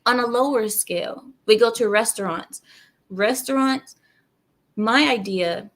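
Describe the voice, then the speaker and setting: A woman from outside America with a fairly high voice speaks unhurriedly while hosting her channel. In animated, casual commentary she rants and makes asides directly to her viewers.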